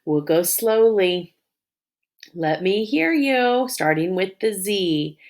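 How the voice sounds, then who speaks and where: A woman teaching a phonics lesson to young children, modeling words and sounds slowly and warmly praising answers. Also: medium pitch, lively intonation. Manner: slow, encouraging, drawn-out modeling of sounds and syllables.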